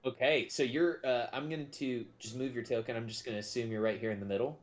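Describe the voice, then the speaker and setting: Man, game master, easygoing, amused, mid-range pitch, tabletop narration. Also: steady tone, quick pace.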